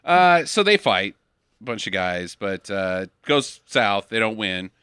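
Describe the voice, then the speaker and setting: Dude riffing on a dumb movie, voice bouncing all over, dry mic. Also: male voice, on the low side, a little slow, clear, resonant tone, dry recording. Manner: animated, recapping the plot with jokey asides. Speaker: podcast co-host. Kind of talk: casual movie-riff chat.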